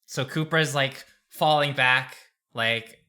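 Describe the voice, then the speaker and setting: Male tabletop player, middle pitch, unhurried, ponders out loud. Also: smooth. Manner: thoughtful, musing with hums and pauses. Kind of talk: casual role-play chat.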